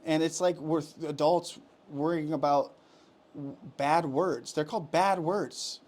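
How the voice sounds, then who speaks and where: This man in his thirties co-hosts a podcast and rants heatedly, swearing, rambling, and restarting a lot in casual conversation. His fairly high voice is steady and darkish, delivered at a measured pace.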